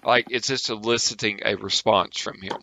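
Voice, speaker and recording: A Southern-accented man banters through a tabletop game, joking and questioning in quick bursts. His voice is bright and forward, recorded dry. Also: fairly low pitch, steady tone, gravelly, no echo. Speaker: player. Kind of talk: casual tabletop game play.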